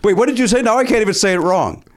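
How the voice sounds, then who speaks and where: A man's voice: sits high, rapid-fire. A man co-hosting a podcast in casual, joking banter, going off on playful asides. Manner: joking, animated, trails off into asides. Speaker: podcast co-host.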